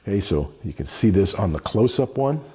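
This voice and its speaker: A man's voice: fairly low pitch, big pitch swings, a little fast, darkish tone, slightly rough. A middle-aged man giving a cooking demonstration lesson, explaining each step as he works with his hands. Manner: explanatory, talks through each step while working. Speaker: culinary instructor.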